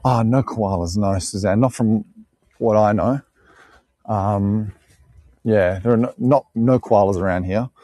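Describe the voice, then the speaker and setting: A man's voice: lowish voice, measured pace, pauses often, dark tone, no room sound. An Australian man chatting with live viewers on an outdoor walking tour, rambling, joking and laughing often. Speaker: live-stream tour guide. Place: outdoors on a bush walk.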